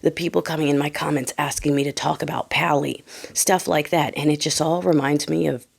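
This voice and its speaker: A woman with a hoarse, fading voice giving blunt opinions in a conversational vlog. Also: low voice, fairly even intonation, fairly quick. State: hoarse, losing her voice. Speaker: vlogger.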